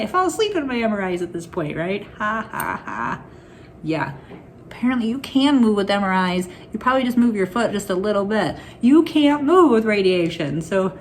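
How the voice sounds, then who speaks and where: A woman with a lowish voice talks candidly into her phone camera for a casual personal vlog, rambling and laughing her way through anxious stories. There's a little background noise.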